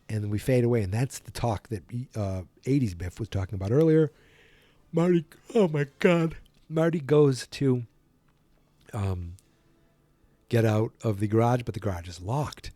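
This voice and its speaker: A man hosts a podcast and casually retells a film from memory, rambling, correcting himself and yawning. His voice has a mellow, dark tone, recorded close and dry. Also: medium pitch, expressive, moderate pace, dry recording. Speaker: podcast host.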